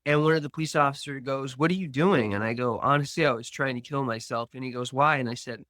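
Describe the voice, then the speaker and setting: A man's voice: mid-range voice, fairly even intonation, quick pace, pushed and bright, dry recording, studio quality. A man recounting his past addiction as a podcast guest, telling it in present tense with quoted dialogue. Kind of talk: storytelling about addiction.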